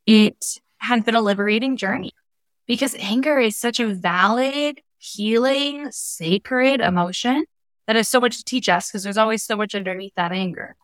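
A young adult woman, a spiritual life coach, talking earnestly and warmly about healing as a podcast guest. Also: fairly high pitch, moderate pace, no echo, clean studio sound. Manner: earnest, heartfelt, spiritual wording. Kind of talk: casual conversational interview.

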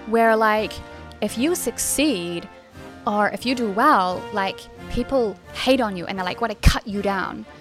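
A woman's voice: medium pitch, measured pace, a bit bright, soft background music, lightly acted. A woman putting on an American accent to voice a chatty, amazed podcaster who speaks in a breezy, filler-heavy way. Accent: put-on American.

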